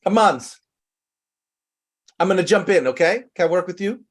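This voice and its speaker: Male english teacher, online class, animated, explains with examples, expressive rising and falling pitch. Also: normal speed. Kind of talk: live online conversation class.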